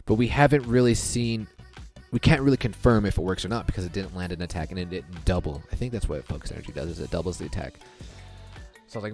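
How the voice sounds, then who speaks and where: A man giving casual commentary over his recorded game, thinking out loud and retelling the match in a chatty way. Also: fairly low pitch, fast talker, faint music behind. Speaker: gaming video creator.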